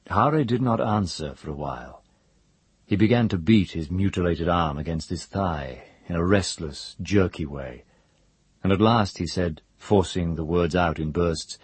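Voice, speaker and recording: A man narrating a fantasy audiobook in a measured, even storytelling manner. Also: sits low, slightly rough, no echo. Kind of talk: scripted narration.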